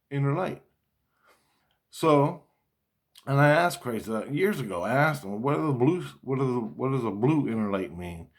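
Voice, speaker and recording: Rambling, swearing man vlogging to camera. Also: medium pitch. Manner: swears casually, restarts sentences, quotes voices in dialogue. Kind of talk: rambling spiritual monologue.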